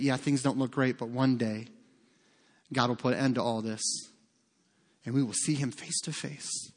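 Earnest preaching man in a reverberant church. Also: mid-range voice. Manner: earnest, conversational preaching with frequent asides. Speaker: pastor. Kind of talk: sermon. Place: church sanctuary. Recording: long reverb of a large hall.

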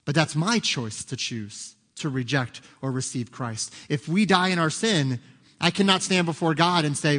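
A pastor preaching to his congregation in a somewhat high voice. He drops soft and low for quiet asides, then builds loud and high at the peaks. His words ring out with a long reverb in the sanctuary. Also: normal speed. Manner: emphatic preaching, rising loud and high at climaxes, dropping soft for quotes. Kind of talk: sermon.

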